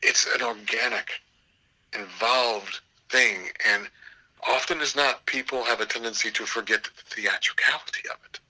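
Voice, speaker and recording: An older man, a theater professor, telling anecdotes in an interview with an animated, storytelling manner. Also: mid-range voice, normal speed, rough recording. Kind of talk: storytelling interview over a call.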